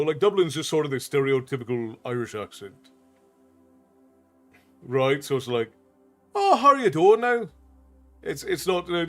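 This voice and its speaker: A man from New York City chats casually with his stream's viewers, reading their comments aloud and laughing often. His voice sits at a middle pitch for a man. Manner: chatty, laughs often, reads chat aloud.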